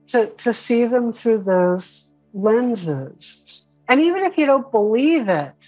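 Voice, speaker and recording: A woman teaching an online spiritual class in a casual, animated way, now and then mimicking whiny voices. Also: mid-range voice, low-quality recording.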